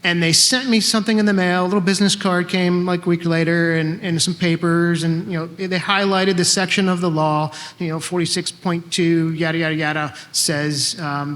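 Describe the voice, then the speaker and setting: A man's voice: sits high, fairly even intonation, normal speed, fairly bright tone, long reverb tail. Wry man in his fifties telling a story. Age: 50s. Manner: conversational, wry, acts out dialogue. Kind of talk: live stage storytelling. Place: live event stage in a hall.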